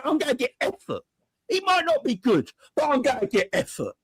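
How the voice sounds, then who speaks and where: Animated ranting man. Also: very high voice, brisk, no echo. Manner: animated, exasperated, jokey rants. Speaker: football fan pundit. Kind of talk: heated match reaction chat.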